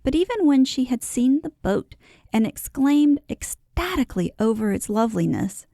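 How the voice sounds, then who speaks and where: A woman narrating a storybook audiobook with an expressive, lilting delivery. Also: high voice, moderate pace, creaky, no echo, studio quality.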